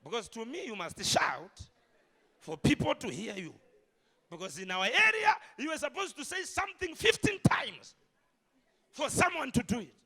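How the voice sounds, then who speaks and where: Animated man preaching. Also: extremely high pitch, normal speed, breathy edge. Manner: animated storytelling with shouted peaks. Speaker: pastor. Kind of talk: sermon.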